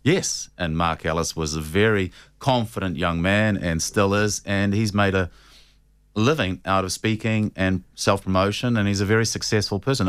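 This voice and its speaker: A man, a voice coach giving measured, reflective answers in a radio interview. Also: deep voice, clear, resonant tone, no room sound. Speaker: voice and presentation coach.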